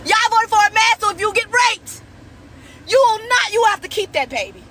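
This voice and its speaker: A woman's voice: very high-pitched, bright, forceful tone, a little hiss or hum, rough recording. A woman in a car delivering a heated, repetitive, slangy rant to her followers. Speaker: social media poster. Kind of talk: angry rant to camera. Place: inside a car.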